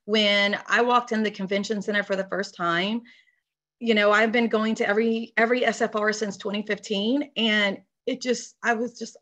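A woman with a hoarse voice speaking heartfelt and emotional in a casual video call chat. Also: mid-range voice, steady tone, normal speed, a bit bright. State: hoarse, losing her voice. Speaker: sales consultant on a panel.

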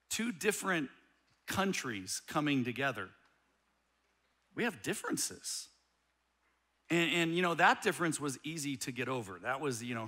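Bright-voiced animated male pastor. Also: a little high. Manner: animated, humorous storytelling. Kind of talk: storytelling sermon.

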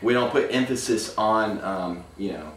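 A man's voice: on the low side, normal speed, fairly bright tone. A man who plays guitar and sings, talking casually in a band interview and filling his answers with "you know". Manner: laid-back, lots of "you know". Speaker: guitarist and vocalist. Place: music venue. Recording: echoey room from far off, with ambient noise.

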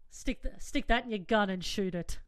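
A woman hosting a podcast in casual chat, playful and quick to laugh. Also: mid-range voice, no room sound. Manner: giggly, playful and chatty. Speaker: podcast host.

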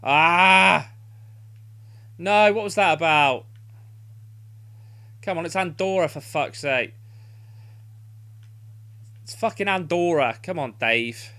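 A man's voice: a little high, takes it slowly, pauses often, pushed and bright. Frustrated swearing gamer man. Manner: frustrated, swearing, urging players on. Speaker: gamer playing a football video game. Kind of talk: live gameplay commentary.

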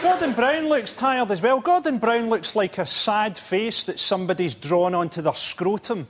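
Deadpan male comic. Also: high-pitched, normal speed, heavy background noise. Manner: dry, deadpan delivery. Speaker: panellist. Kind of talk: deadpan stand-up. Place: TV studio.

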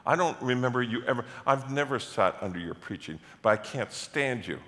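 Male pastor, bright forceful delivery, story-driven sermon in a reverberant church hall. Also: medium pitch, a little fast. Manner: storytelling, acts out quoted voices, builds to loud animated passages. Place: church sanctuary.

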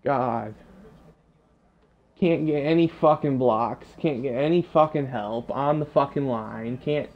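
A frustrated man rants and curses nonstop through his own football video game match, venting at his players. His voice sits at an ordinary pitch, and the lo-fi recording sounds a little dull and muffled. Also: slow. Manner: frustrated, swearing constantly, ranting. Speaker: gamer. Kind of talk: live gameplay commentary.

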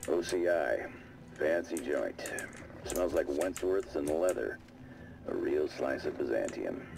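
An actor playing a gruff male prospector recorded on an audio log, speaking in terse, wry hard-boiled lines with a gravelly voice. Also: darkish tone, exaggerated voice. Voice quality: gravelly, very deep. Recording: distant game audio log.

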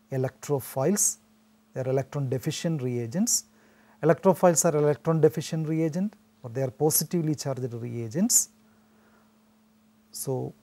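In a recorded classroom chemistry lecture, a man from India speaks in a mellow, dark, slightly high voice. He explains steadily and often restarts his sentences with "so."

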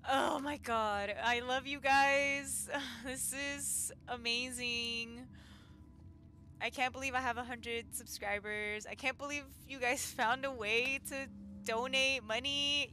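A woman's voice: on the high side, fairly even intonation, takes it slowly, pushed and bright. A young woman streamer chatting casually with viewers, giggly, flustered and emotional. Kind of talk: casual live-stream chat.

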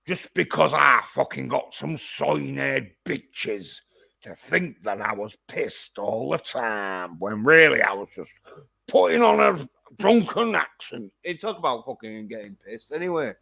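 Slow, gravelly man ranting. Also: medium pitch, sing-song, pushed and bright. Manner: profane, ranting. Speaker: vlogger. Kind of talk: casual livestream rant.

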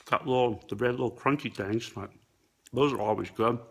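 A man casually reviewing fast food on camera, tasting and commenting between bites. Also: medium pitch, husky.

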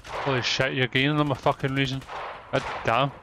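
A man's voice: mid-range voice, flat delivery, a little fast, pushed and bright, slight background noise. A man giving angry, swearing commentary while playing a shooter game. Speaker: gamer. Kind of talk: gameplay commentary.

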